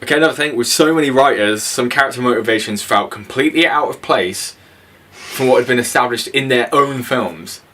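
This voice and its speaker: A man's voice: medium pitch, a little fast, sharp tone. A young man co-hosting a casual film review, blunt and opinionated, sweary, laughing often. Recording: voice from a distance.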